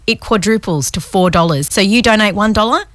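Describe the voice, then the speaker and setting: A woman's voice: medium pitch, brisk, fairly bright tone. A woman hosting breakfast radio, chatty and upbeat, laughing easily with her co-host.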